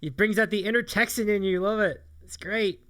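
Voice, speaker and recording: A man's voice: sits high, fairly quick, fairly bright tone. A man co-hosting a casual live-streamed talk show, upbeat and enthusiastic, often repeating himself. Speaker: podcast co-host. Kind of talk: casual chat.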